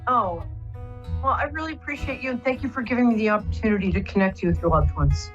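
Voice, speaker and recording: A woman hosting a live call-in psychic radio show, reassuring the caller gently and rambling with many fillers. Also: medium pitch, fast, faint music behind. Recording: muffled lo-fi broadcast audio.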